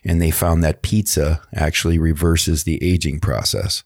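A man in his late thirties chatting casually as a podcast co-host, wry and quick to laugh. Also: a bass voice, steady tone, gravelly, a little mellow, breathy edge, no room sound, studio quality. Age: 30s. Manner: wry, laughs easily, quotes himself in voices. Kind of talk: casual chat.

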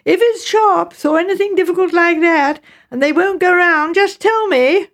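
An awkward, outspoken teenage girl speaks plainly and without ceremony in this audiobook, as a woman reads her. Her lines come up high with a slight gravel under them. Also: animated, moderate pace. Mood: blunt, artless. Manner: blunt, artless. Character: awkward blunt teenage girl, frank and odd. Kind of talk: audiobook character reading.

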